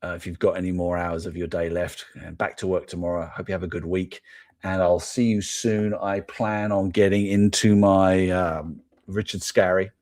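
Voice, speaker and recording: A man's voice: low voice, level tone, moderate pace, darkish tone. A middle-aged man with an English accent, hosting a toy show in a loose, rambling live chat, thinking aloud and amused at himself. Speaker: toy podcast host. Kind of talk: casual live-stream chat.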